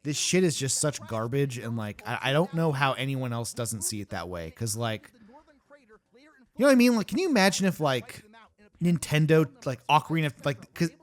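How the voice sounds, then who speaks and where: A man's voice: mid-range voice, very animated, normal speed. A man hosting a casual commentary track, ranting with lots of swearing and fillers. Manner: ranting, profane, rambling with many fillers. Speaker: YouTube host. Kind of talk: casual behind-the-scenes commentary.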